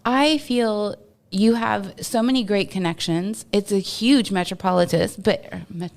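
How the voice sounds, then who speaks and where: A woman from Texas, a podcast guest, telling stories in an animated, casual way and laughing often. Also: medium pitch, measured pace, gravelly. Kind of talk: casual storytelling interview.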